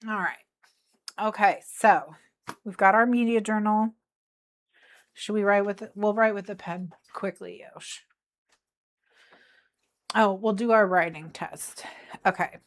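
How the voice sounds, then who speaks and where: A woman's voice: medium pitch, fairly even intonation, slow, pauses often. A woman streaming from her craft desk, chatting playfully and talking to her cat as she works. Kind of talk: casual chat while crafting. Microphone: desk mic, faceless desk view.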